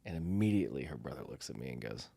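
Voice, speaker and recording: Here the middle-aged American co-host talks rapid-fire in an extremely low register with vocal fry and a breathy edge, captured in clean studio sound with no room echo. Chatting casually, he tells a lively story and acts out what each person said.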